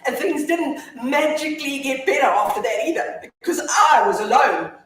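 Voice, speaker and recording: An actress playing a grieving, foul-mouthed widow in a staged reading, telling her story from hushed to shouting. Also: sits high, moderate pace, a little hiss or hum. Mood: defiant. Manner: confessional monologue, swinging from hushed to shouting. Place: theatre stage. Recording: echoey hall from far off.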